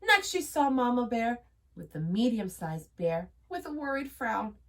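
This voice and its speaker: A woman teacher reading a storybook aloud to children, expressive, gasping and pausing. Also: fairly high pitch. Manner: expressive, with gasps and pauses. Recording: voice from a distance.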